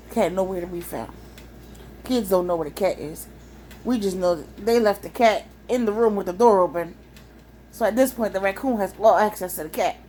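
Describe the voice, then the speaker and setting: A young woman telling a wild personal story in a casual, animated, profane way, laughing often. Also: on the high side, a little hiss or hum.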